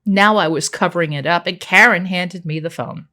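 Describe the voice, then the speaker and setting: Brief: woman narrator for a first-person audiobook, bright voice, expressive and animated delivery. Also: lowish voice, moderate pace.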